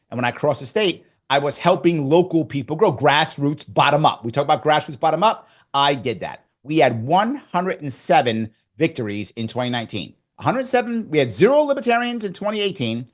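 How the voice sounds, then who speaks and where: A middle-aged man from New York talking as an interview guest. He tells his story in an animated way and slips into the voice of his own past thoughts. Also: fairly high pitch. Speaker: guest, former governor candidate. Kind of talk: casual interview chat.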